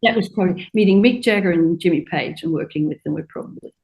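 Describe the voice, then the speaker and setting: An older woman, a fashion designer, telling anecdotes in an interview and acting out quotes in a higher voice. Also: quick pace, poor audio. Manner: animated anecdotes, acts out quotes in a high voice. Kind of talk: storytelling interview chat.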